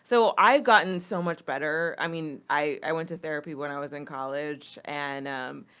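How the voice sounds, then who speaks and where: Laughing woman podcast host, lowish voice. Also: moderate pace, fairly bright tone, smooth. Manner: laughs often while telling stories. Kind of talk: casual chat.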